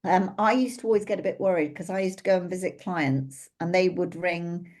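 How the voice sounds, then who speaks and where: A woman's voice: on the low side, fairly quick, a little mellow. A middle-aged woman co-hosting a casual podcast chat, talking with hesitant fillers. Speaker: podcast co-host.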